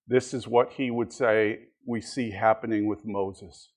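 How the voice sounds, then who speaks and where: A man's voice: on the low side, steady tone, measured pace, hardly any pauses, a little mellow. A middle-aged man teaching a church history class in a conversational way, mixing reading with personal anecdotes and asides.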